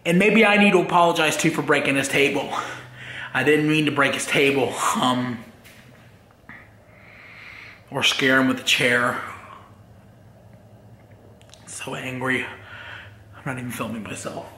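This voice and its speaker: A man recording a confessional vlog in his garage, talking in a halting, upset way with many pauses. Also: mid-range voice, sharp tone, echoey room. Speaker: vlogger.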